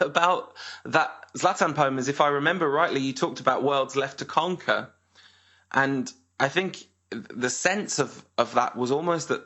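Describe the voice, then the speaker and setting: A man's voice: mid-range voice, fairly bright tone, dull audio. A man hosting a casual podcast, talking in a hesitant way with frequent fillers and self-corrections. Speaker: podcast host.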